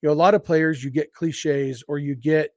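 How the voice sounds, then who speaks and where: Male podcast host, somewhat high voice, eager and rambling, dry close mic. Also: steady tone, moderate pace, no echo. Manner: enthusiastic, rambling with frequent restarts and asides. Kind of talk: casual solo podcast commentary.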